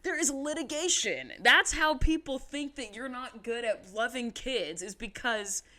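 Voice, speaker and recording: A young woman co-hosting a podcast, recapping a reality show in casual chat, sarcastic and animated, swearing freely and mimicking people. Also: fairly high pitch, a little slow. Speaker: podcast co-host.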